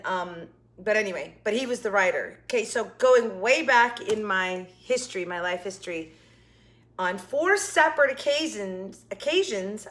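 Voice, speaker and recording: A woman hosting a craft vlog speaks in a mid-range, sharp-toned voice. She sounds exhausted as she chattily rambles through a story, full of asides.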